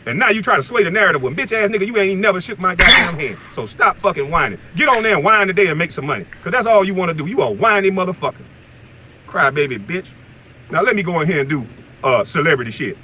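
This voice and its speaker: A middle-aged man ranting angrily and profanely from inside a car, insulting someone, shouting at times. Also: high-pitched, animated, quick pace, background noise. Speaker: former basketball player ranting on video. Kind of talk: angry profane rant.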